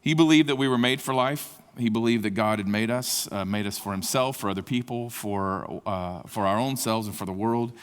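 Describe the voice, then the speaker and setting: Preaching at a conference, a man speaks with impassioned intensity that builds to emphatic peaks. His voice is on the low side, clear and resonant, at a normal speed with hardly any pauses. The large conference hall gives a long reverb.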